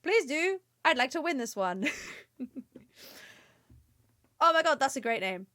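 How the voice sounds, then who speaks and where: A woman's voice: sits high, very animated, measured pace, sharp tone, no echo. A young British woman chatting playfully through a game livestream, often giggling. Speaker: streamer. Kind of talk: casual game livestream chat.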